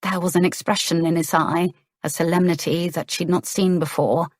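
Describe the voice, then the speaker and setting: A woman narrating a romance audiobook in a measured, gentle storytelling manner. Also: lowish voice, fairly even intonation, no room sound, clean studio sound.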